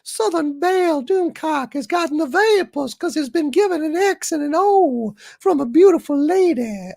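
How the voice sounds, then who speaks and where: A man voicing a prissy, swooning Southern belle in a high fluttery falsetto drawl, camp and genteel. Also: creaky, no echo, studio quality, exaggerated voice. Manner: prissy, genteel, faint with the vapors.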